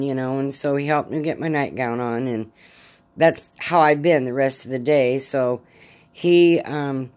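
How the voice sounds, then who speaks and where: A middle-aged woman at home, in pain after arm surgery, rambling through a casual spoken diary with many halting fillers. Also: rumbling low, a little mellow. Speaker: vlogger.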